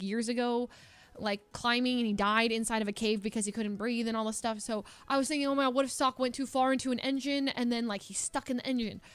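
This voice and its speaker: A woman's voice: fairly high pitch, fairly bright tone, no room sound. A young adult woman streamer telling a story in a casual, rambling way, full of filler words and laughing asides.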